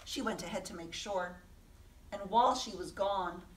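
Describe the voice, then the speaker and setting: A woman, a children's librarian, reading a picture book aloud gently and asking the listening children questions. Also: medium pitch, moderate pace. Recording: echoey room, voice from a distance.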